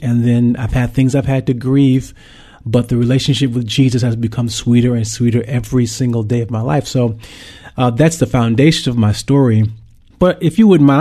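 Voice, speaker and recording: Warm-voiced man sharing a heartfelt testimony. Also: medium pitch. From St. Louis, Missouri, USA. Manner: earnest, heartfelt storytelling with frequent ums. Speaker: worship leader. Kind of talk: personal faith testimony.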